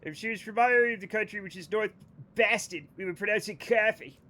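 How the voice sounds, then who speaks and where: A man's voice: sits high, fast talker, sharp tone. A man with a Rhode Island accent, chatting casually on a live game stream, rambling as he reads chat aloud and riffs on it.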